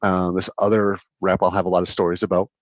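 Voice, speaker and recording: A man's voice: deep voice, level tone, fast talker, dry recording, dull audio. A man co-hosting a podcast, telling sales stories in casual chat, rambling and repeating words. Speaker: podcast co-host, sales manager.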